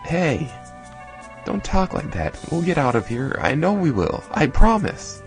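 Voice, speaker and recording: An earnest young man offers steady, heartfelt reassurance in a voice pitched well above its speaker's own, as a man puts him on. The speech moves over a lively range. Faint game music plays behind. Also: measured pace. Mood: reassuring. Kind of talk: reading game dialogue aloud.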